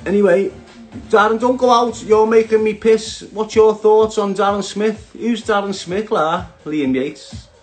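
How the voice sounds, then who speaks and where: A man's voice: high-pitched, measured pace, faint music behind. A man with a Scouse accent ranting casually to viewers, sweary and mocking, laughing at his own jokes. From Liverpool, England. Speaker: online commentator.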